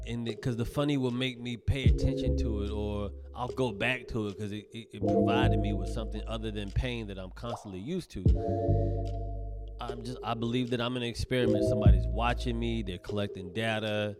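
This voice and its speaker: A man, a comedian hosting his own podcast, talks in a rambling, profane solo monologue that keeps breaking off and restarting. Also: medium pitch. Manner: rambling, profane, self-interrupting.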